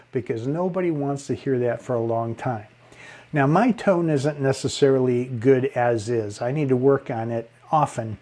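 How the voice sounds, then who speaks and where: A man teaching public speaking in an expressive way, swinging his pitch and volume to demonstrate and chuckling often, with a relaxing tone. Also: unhurried. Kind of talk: instructional talk on speaking.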